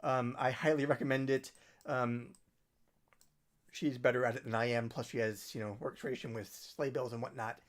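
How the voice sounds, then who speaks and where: A musician hosting a livestream, chatting casually and rambling through recommendations with soft trailing asides. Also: male voice, medium pitch, fairly even intonation, normal speed.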